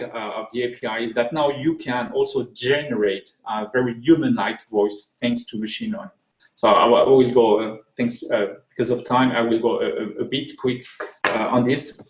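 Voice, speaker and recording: A man with a thick French accent giving a technical conference talk, hesitant with many fillers and restarts. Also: medium pitch. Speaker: conference speaker. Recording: echoey, dull lo-fi sound.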